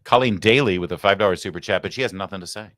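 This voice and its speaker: Man, show host, low pitch, bright sharp tone, casual joking chat, filler uhs. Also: racing, no room sound, studio quality. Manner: joking, chatty, many filler "uh"s.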